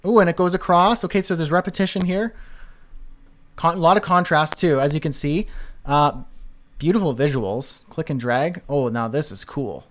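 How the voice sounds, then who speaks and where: Speaking at normal speed, a man with a fairly high voice demonstrates web design during a screen-share. He keeps it informal, reasoning aloud and peppering his talk with fillers and restarts.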